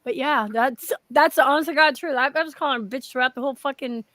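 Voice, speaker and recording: A woman's voice: high-pitched, quick pace, fairly bright tone, dry recording. A woman hosting a live stream, chatting casually, rambling and swearing. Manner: rambling, swears, laughs often. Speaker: stream host. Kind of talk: casual chat.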